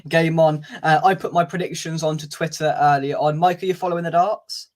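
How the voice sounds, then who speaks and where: A man's voice: fairly high pitch, steady tone, brisk. A man hosting a casual fan live stream, chatting, reading out viewer comments and laughing easily. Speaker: fan channel host.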